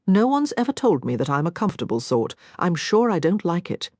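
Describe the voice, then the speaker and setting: A woman's voice: lowish voice, big pitch swings, fairly quick, no room sound, studio quality. A woman voicing a shy young heiress who sounds tired and wryly teasing. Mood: weary wry. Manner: tired, wry, gently teasing.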